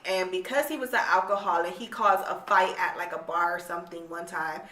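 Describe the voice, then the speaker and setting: A young book reviewer with a mid-range, fairly bright voice rants bluntly about a book she hates, exasperated and swearing freely. It's a casual rant review captured on a distant mic in an echoey room.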